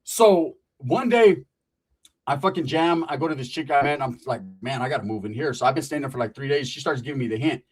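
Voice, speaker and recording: A man's voice: on the high side, brisk. A middle-aged man telling a comic story in a swaggering, slangy, profane way. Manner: swaggering, slangy, swears constantly. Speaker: stand-up comedian.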